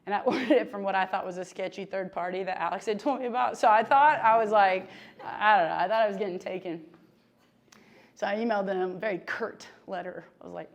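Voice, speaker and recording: A woman's voice: mid-range voice, fast. Chatty woman preaching a casual sermon. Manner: chatty and animated, with frequent fillers and asides. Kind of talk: conversational sermon.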